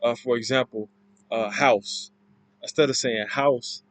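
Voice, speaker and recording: A man giving an informal class presentation, explaining in a halting, loosely worded way. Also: mid-range voice, fairly even intonation, rough recording. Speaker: student presenter.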